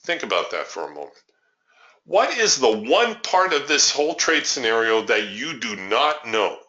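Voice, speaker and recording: A man's voice: medium pitch, sing-song, moderate pace, sharp tone. A man teaching a trading webinar over a chart, talking emphatically and asking the audience rhetorical questions. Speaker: trading educator. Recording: muffled lo-fi webinar audio.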